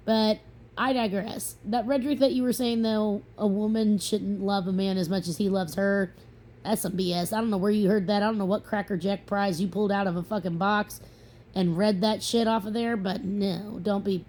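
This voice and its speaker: A woman's voice: mid-range voice, steady tone, normal speed, darkish tone. A young woman from the American Midwest talking casually to camera, chatty and sassy, telling stories with playful asides. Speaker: vlogger. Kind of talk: casual opinion monologue.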